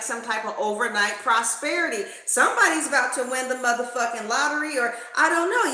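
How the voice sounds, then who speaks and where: Brief: woman, casual tarot reader, blunt and profane, bright tone, roomy echo. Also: a little high. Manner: slangy, profane, emphatic.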